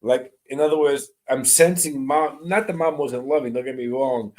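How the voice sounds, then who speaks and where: A man working as a medium on a live stream, greeting viewers by name and describing spirit messages in a soft, reassuring way. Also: mid-range voice, moderate pace, low-quality recording.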